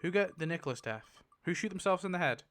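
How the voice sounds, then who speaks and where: A man giving casual, excitable commentary while spinning a wheel, laughing often and mumbling lists to himself. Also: sits high, fast talker. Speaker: YouTuber.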